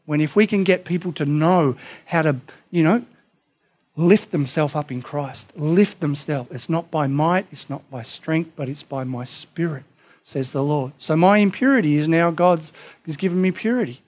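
High-voiced man preaching with fervor. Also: moderate pace. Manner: impassioned, emphatic preaching with sudden loud peaks and hushed drops. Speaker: pastor. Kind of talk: sermon.

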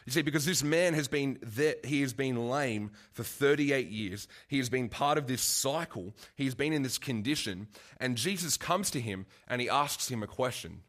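A man's voice: medium pitch, animated, moderate pace, few pauses, a bit bright. A man preaching a casual, conversational sermon, full of asides and restarts.

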